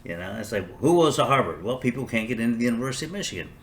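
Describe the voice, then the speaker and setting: A man's voice: medium pitch, very animated, rapid-fire. An older man hosting a podcast, talking in a sarcastic, rambling, self-mocking way in a casual comedic monologue. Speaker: podcast host.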